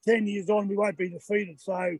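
Husky Australian man calling in after a marathon. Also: high voice, level tone, normal speed, no room sound, faint music behind. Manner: chatty, laughs a lot, acts out what the crowd shouted. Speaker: marathon runner guest. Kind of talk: casual chat on a live radio call. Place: outdoors near a marathon finish line. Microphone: phone on a video call.

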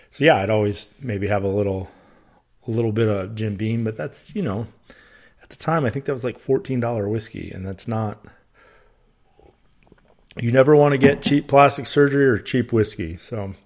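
A man hosting a casual solo podcast, telling stories in a relaxed, rambling way and often restarting his sentences. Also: lowish voice, normal speed. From United States. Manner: relaxed, chatty storytelling. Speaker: podcast host.

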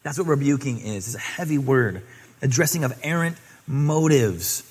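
A man's voice: medium pitch, lively intonation, moderate pace, darkish tone, breathy edge, in a large hall. A man preaching a sermon, reading scripture aloud and exhorting earnestly. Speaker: pastor.

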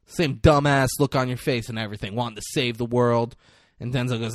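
A young local man with a mid-range voice talks fairly quickly, retelling a movie in an animated, profane way and acting out the characters' lines. The studio-quality recording has no echo.

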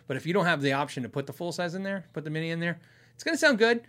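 A middle-aged man from Arizona with a fairly high voice hosts a guitar show in a loose, rambling chat. He chuckles often and trips over his own sentences, circling back to his points. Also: expressive, very fast, fairly bright tone. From Arizona, USA. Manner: rambling, chatty, laughs often, restarts sentences. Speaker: host of a guitar channel and podcast. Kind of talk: casual chat answering viewers.

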